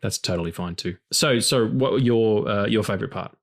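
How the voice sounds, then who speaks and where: A man's voice: fairly low pitch, brisk, creaky. Rambling, swearing male podcast host. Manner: rambling, swears freely, philosophizing. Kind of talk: casual film podcast chat.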